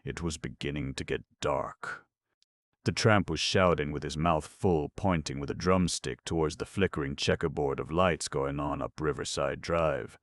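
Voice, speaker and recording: A man narrating an audiobook in a steady, measured reading. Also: very deep voice, no echo, studio quality.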